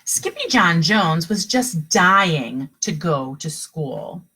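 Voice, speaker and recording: Expressive woman reading a picture book. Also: lowish voice, slightly rough, low-quality recording. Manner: expressive storybook reading, pausing to explain to children. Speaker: kindergarten teacher. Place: at home.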